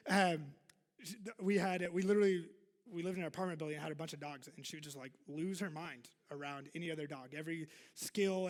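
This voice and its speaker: Chatty pastor in a reverberant hall. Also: male voice, high voice. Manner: chatty, self-deprecating, many fillers and asides. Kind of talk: casual sermon to a congregation. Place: church hall.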